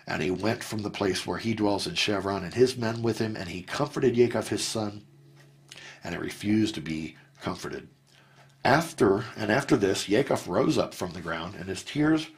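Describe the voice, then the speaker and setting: A man reading scripture aloud word for word, in an earnest, measured manner. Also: on the low side. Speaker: Bible reader.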